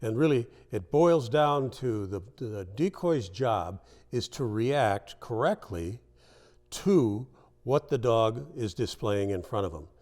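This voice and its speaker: A man's voice: mid-range voice, expressive, takes it slowly, a little mellow. A man introducing a dog training video clip and giving plain advice to viewers. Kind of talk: direct-to-camera introduction.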